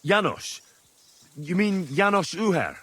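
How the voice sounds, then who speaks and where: An actor playing a weary young squire in a video game, dry and exasperated. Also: male voice, sits high, expressive, slow pace, sharp tone, husky, full character voice.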